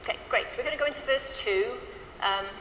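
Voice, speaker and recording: A woman's voice: a little high, quick pace, fairly bright tone. A woman choir director giving upbeat, chatty instructions to her choir at a rehearsal in a hall. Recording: echoey hall with faint ambient noise.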